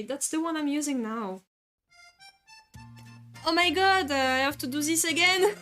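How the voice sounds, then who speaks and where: High and a bit bright, the voice of a French-accented woman streamer comes through as she draws and casually answers viewer comments she reads aloud. She hesitates, uses many filler sounds, and laughs often.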